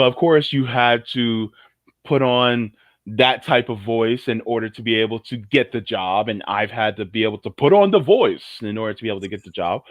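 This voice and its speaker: A man co-hosting a casual podcast, his voice dry and close with no room around it. He rambles through stories with restarts, at an ordinary middle pitch. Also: no room sound. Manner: rambling, many fillers and restarts, animated storytelling. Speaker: podcast co-host. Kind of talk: casual conversation.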